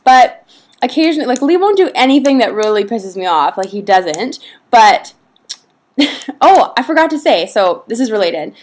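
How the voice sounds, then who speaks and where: A woman's voice: fairly high pitch, very animated, moderate pace, a little mellow. A young pregnant woman from Canada chatting casually to the camera in a vlog, rambling with lots of fillers and frequent laughs. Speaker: vlogger.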